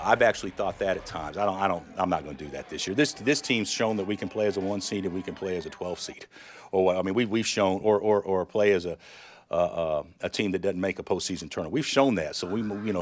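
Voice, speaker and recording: A man coaching basketball talks in an interview, halting and repeating words as he thinks aloud. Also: low voice, slight background noise. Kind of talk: interview soundbite.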